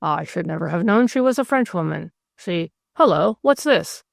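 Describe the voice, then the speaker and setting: A woman's voice: lowish voice, lively intonation, normal speed, gravelly, no room sound. A woman voicing an older male magistrate who talks in a sly, dry, confidential way.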